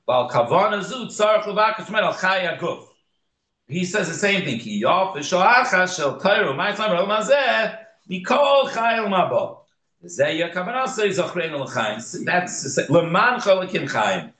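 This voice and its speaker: A man teaching a Torah class, mixing Hebrew terms into English and growing animated on key points. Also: high voice, normal speed, echoey room, low-quality recording.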